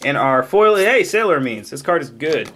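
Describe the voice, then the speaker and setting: A man casually opening trading card packs on camera, excitably rattling off card names and cracking jokes. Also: on the high side, normal speed, slight background noise. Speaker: card pack opening vlogger. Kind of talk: casual card unboxing commentary.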